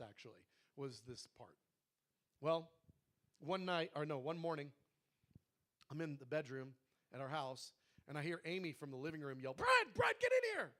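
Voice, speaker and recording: A man leading a prayer room, telling a personal testimony to his congregation in an animated way and acting out the dialogue. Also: on the high side.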